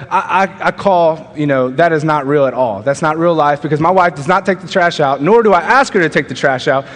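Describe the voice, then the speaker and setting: A young man preaching a sermon, telling a personal story and acting out the quoted lines with lively changes of pitch and pace. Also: fast talker, few pauses. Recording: long reverb of a large hall.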